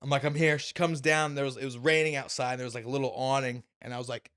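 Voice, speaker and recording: A young man telling a personal story on a podcast, animated and swearing often. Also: medium pitch, quick pace, smooth, soft background music. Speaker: podcast guest. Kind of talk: casual storytelling.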